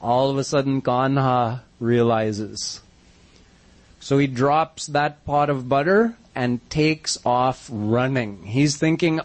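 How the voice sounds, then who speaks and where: A man's voice: mid-range voice, takes it slowly. A man telling a devotional story as a sermon, narrating vividly and using Hindi devotional terms. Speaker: religious storyteller.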